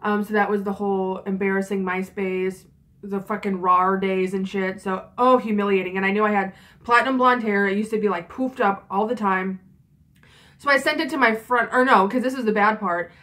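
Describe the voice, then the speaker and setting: A woman's voice: medium pitch, fairly even intonation, moderate pace, a bit bright. A young woman in her twenties telling a story in a casual vlog, chatty and frank, with lots of fillers and swearing. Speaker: vlogger.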